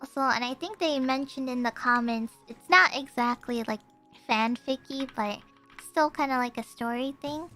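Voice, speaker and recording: A woman streamer reading fan fiction aloud and chatting between stories, giggly and deliberate when she reads. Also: high voice, sharp tone, faint music behind. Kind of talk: casual stream chat and story reading.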